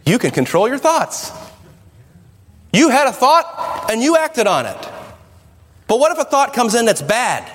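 A man's voice: high-pitched, big pitch swings, moderate pace, long pauses, a bit bright. A man preaching a sermon to a congregation, emphatic and questioning his listeners. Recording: echoey hall with long reverb.

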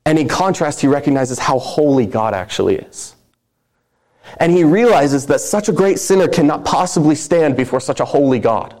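A man's voice: a little high, expressive, moderate pace, darkish tone. A man preaching a sermon, reading scripture aloud with earnest emphasis.

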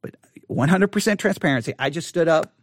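A middle-aged man telling a story in a casual monologue, animated and acting out what people said, rising toward a shout when exasperated. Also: fairly high pitch, brisk, slight background noise. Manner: animated, acts out quotes, rises to near shouting when exasperated.

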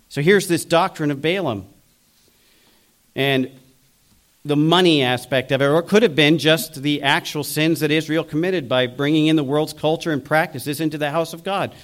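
A man preaching a sermon, earnest and steady, now and then mimicking the people he criticizes. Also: fairly high pitch. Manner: earnest preaching, slips into mocking quoted voices. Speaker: pastor.

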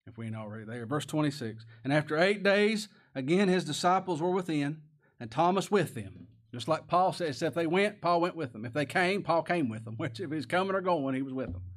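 A man's voice: on the high side, animated, moderate pace. A man preaching a sermon, folksy and plain-spoken, asking the congregation rhetorical questions and reading scripture aloud. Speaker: pastor.

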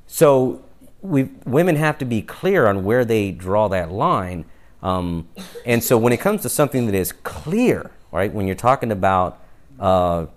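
A very deep-voiced man preaching a sermon in a relaxed, conversational way. He tends to close his points with a quick "right?" and slips into brief acted-out exchanges along the way. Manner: conversational, often adds "right?" to each point; acts out little quoted exchanges in passing.

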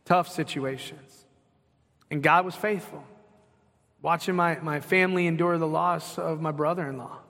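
A man's voice: fairly high pitch, fairly bright tone. A middle-aged man, a pastor, preaching a sermon in a conversational way and putting questions to the congregation. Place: church sanctuary. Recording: long hall reverb.

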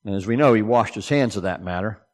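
A man preaching a sermon, swinging between loud, emphatic declarations and low, hushed asides. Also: quick pace, in a large hall.

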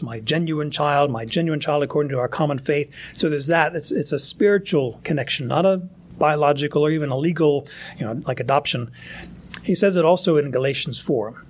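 A man's voice: fairly high pitch, breathy edge. A man preaching a sermon in a conversational, emphatic way, often restarting his phrases. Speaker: pastor.

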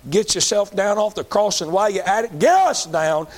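A man's voice: high-pitched, lively intonation, normal speed, pitched above the performer's own voice. A man voicing a scoffing thief on a cross, mocking and taunting in a raised voice.

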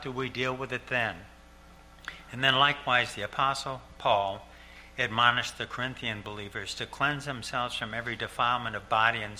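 An older male pastor delivers an earnest sermon in a strikingly bright, forward voice, pausing to repeat key phrases slowly. A faint steady hum sits under the recording. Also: medium pitch. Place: church sanctuary.

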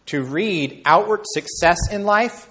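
A man preaching an evening sermon, rising high and loud on key points and slowing words down for weight. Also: lively intonation, slight background noise.

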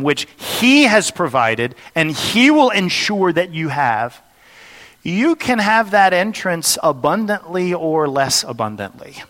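A man's voice: fairly high pitch, fairly bright tone, long reverb tail. A man preaching an expository sermon, explaining a passage earnestly and posing rhetorical questions to the congregation. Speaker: pastor.

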